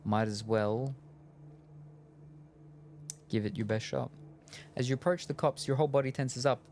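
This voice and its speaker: A man reads a game's story aloud to his viewers at an ordinary middle pitch. His narration is steady, now and then broken by casual asides. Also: a little slow, slight background noise. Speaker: game streamer. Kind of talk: reading game text aloud.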